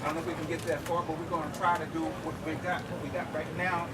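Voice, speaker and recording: A man's voice: a little high, flat delivery, fast talker. A man teaching drum rhythms to a group in a lecture-demonstration, explaining step by step and often checking in with "okay?". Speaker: drum instructor. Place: outdoor campus event. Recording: distant mic, clear outdoor noise.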